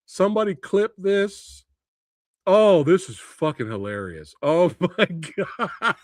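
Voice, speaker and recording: Animated laughing livestream host, a man. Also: sits high, takes it slowly, dry recording, clean studio sound. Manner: animated, laughing, swears freely. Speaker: movie review livestream host. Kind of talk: casual livestream chat.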